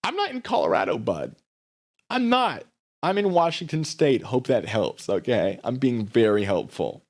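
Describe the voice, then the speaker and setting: Sarcastic man hosting a livestream. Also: normal speed. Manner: mocking, sarcastic; lively, swinging pitch. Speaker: livestream host. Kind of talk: livestream commentary.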